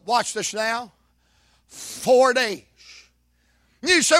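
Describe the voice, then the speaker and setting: High-voiced preacher with dramatic swings. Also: male voice, slow pace, long pauses, dry recording, studio quality. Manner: dramatic, swings from shouts to whispers, folksy. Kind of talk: sermon.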